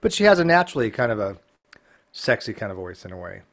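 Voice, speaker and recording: Fast-talking, animated man. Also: on the low side, background noise. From California. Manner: rambling, full of false starts and swearing. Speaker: co-host. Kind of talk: casual chat on a live stream.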